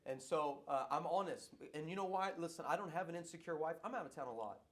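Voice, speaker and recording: A middle-aged man, a pastor, answering audience questions in a lively, playful way that keeps circling back on its points. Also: on the high side, fast talker. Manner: animated preacher, playful, repeats himself.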